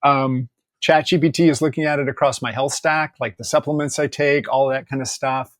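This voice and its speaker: A man, a podcast guest, telling a story in casual conversation, candid and joking, quoting people in lively asides and swearing freely. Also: mid-range voice, a little fast, dry recording, clean studio sound.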